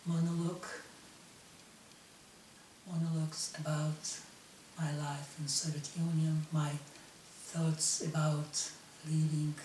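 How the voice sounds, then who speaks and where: Slow, low-voiced Russian woman in her fifties. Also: dark tone, echoey room, far from the mic, slight background noise, poor audio. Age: 50s. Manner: halting non-native English, slow, many restarts. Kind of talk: personal monologue to camera.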